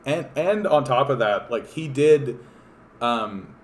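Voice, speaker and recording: A man's voice: mid-range voice, animated, slow pace. A man from Canada hosting a political livestream, talking in a casual, rambling, profane and sardonic way with lots of fillers and restarts.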